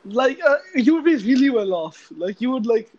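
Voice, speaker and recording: A man's voice: very high voice, lively intonation, normal speed, darkish tone, lo-fi sound. A man co-hosting a casual podcast, joking and giggling, often stammering and repeating words. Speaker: podcast co-host. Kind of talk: casual chat.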